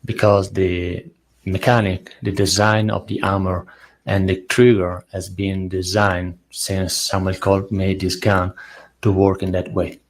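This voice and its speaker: A man with an Italian accent testifying as a firearms expert, giving measured, technical explanations. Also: deep voice, little pitch movement. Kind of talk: courtroom testimony.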